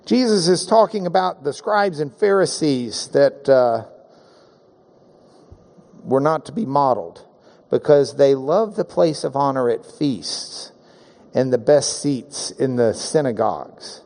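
A man's voice: mid-range voice, animated, slow pace, creaky, a little mellow. A man preaching a sermon, emphatic and engaging his listeners with questions and call-and-response, with touches of self-deprecating humor.

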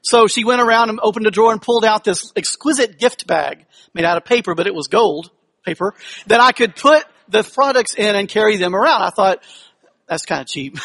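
A man's voice: high voice, a bit bright. A man preaching a sermon as pastor, talking conversationally and with humor, putting questions to the congregation. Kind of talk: sermon with personal storytelling.

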